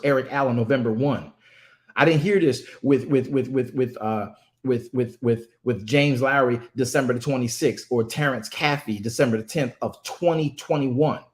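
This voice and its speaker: A man's voice: medium pitch, moderate pace. Emphatic man delivering impassioned commentary. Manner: emphatic, repetitive, stammers on restarts. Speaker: ministry speaker.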